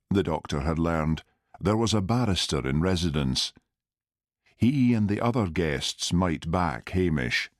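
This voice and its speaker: Low-voiced guy reading a mystery audiobook, dry close sound. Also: no room sound. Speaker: audiobook narrator. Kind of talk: scripted narration.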